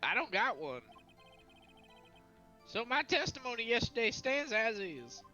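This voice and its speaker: A man putting on a gruff old caretaker. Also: very high-pitched, sing-song, unhurried, pushed and bright, highs cut off, faint music behind, voice pushed up, exaggerated voice. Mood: defensive. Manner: folksy, defensive, rough grammar. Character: gruff old male boat shop caretaker, evasive.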